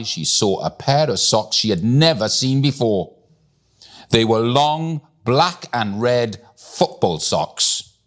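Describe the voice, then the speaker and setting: A man reading a bedtime story aloud in an expressive, deliberate storytelling manner. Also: lowish voice.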